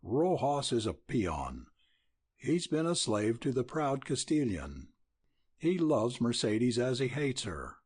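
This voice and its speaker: A blustering older rancher holds forth in a rolling voice, as a male narrator plays him. The tone is husky and the pitch moves a lot. It is an audiobook reading. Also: sing-song, slow, darkish tone, exaggerated voice. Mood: heated.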